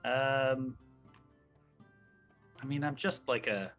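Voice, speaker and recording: A man's voice: medium pitch, takes it slowly, fairly bright tone, faint music behind. A man playing a tabletop game, joking at his own expense in casual banter. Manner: laughing, self-mocking banter. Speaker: player.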